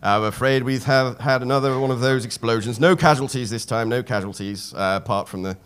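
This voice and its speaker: A man's voice: mid-range voice, a little fast, a bit bright, clean tone, voice pushed down, lightly acted. A man voicing a stiff, understated male intelligence officer who talks in a clipped, polite way. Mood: dry.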